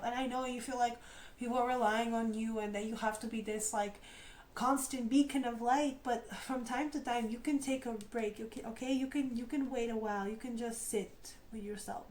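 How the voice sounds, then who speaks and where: A woman chats through a tarot reading, talking straight to her viewers and cheering them on. Her voice sits fairly high, yet she speaks in a lowered tone with a light vocal fry. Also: a little mellow, poor audio. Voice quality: lower tone than usual, slight vocal fry. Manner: chatty, encouraging, speaks to viewers directly. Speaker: tarot reader. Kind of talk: casual spoken tarot reading.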